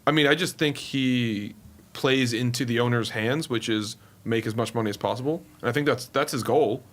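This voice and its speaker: A man's voice: mid-range voice, moderate pace, fairly bright tone. A man co-hosting a podcast in casual, opinionated chat, often laughing. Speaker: podcast co-host.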